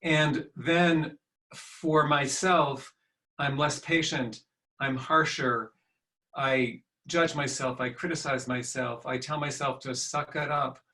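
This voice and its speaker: A man reads participants' chat replies aloud over a video call. He goes very slowly, pausing between short items, and his voice is bright and forceful. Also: on the high side, steady tone. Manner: halting, list-like delivery. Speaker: workshop co-facilitator. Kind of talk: reading chat responses aloud.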